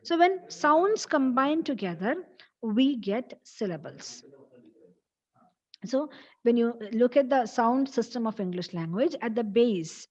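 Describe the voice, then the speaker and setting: A woman's voice: a little high, a little mellow, lo-fi sound. Patient woman teaching a lecture. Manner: patient, explanatory, repeats key points. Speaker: college English teacher. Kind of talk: classroom lecture on phonetics.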